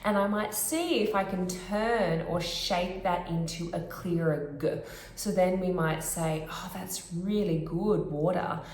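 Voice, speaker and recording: A woman's voice: fairly low pitch, measured pace. Woman speech pathologist explaining in an echoey room. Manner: friendly, clear, demonstrates sounds. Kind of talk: instructional explanation to camera.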